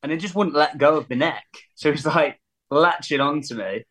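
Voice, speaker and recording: A man, a musician guest telling lively anecdotes and laughing as he acts out quotes. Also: a little high, normal speed. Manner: animated, laughing storyteller who acts out quotes.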